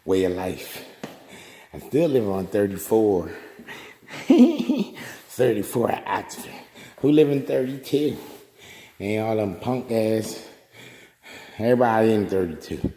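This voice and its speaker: Gravelly, husky man rambling and boasting. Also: on the low side, sing-song, slow, pauses often, mellow. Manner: boastful, joking, trash-talking. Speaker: vlogger showing his new room. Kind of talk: casual rambling monologue.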